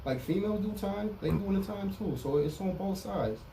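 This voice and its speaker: A man's voice: high voice, animated, moderate pace, creaky, mellow, slight background noise. Candid man recalling prison time, slightly distant. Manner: candid, street slang, frequent "you know what I'm saying". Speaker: interview guest. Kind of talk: casual interview about prison time.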